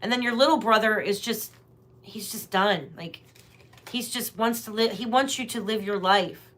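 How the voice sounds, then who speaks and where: At a moderate pace, a woman with a mid-range, somewhat bright voice hosts a tarot reading livestream. Chatty and prone to rambling, she talks directly to her viewers.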